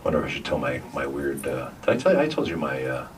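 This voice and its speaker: A man's voice: extremely low pitch, big pitch swings, fast. A man, a voice actor on a convention panel, telling rambling stories to a live audience and chuckling often between restarts. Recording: distant mic, noisy room.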